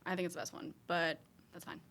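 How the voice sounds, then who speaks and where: A woman's voice: fairly low pitch, little pitch movement, quick pace, fairly bright tone. A young woman talking as a guest on a podcast. She is chatty and self-deprecating, and she fills her sentences with "like" as she tells her stories. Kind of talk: casual chat.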